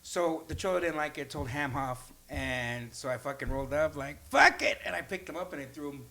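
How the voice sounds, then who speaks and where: Animated man telling wild stories. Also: a little high, brisk. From El Paso, Texas. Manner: animated, swears a lot, acts out quotes. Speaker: guest. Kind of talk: casual storytelling.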